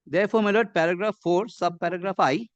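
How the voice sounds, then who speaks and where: A man with an Indian English accent, arguing a case before a judge in measured, deferential courtroom speech. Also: sits high, no room sound, lo-fi sound. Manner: measured and deferential, says "my lord" constantly. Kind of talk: formal courtroom argument.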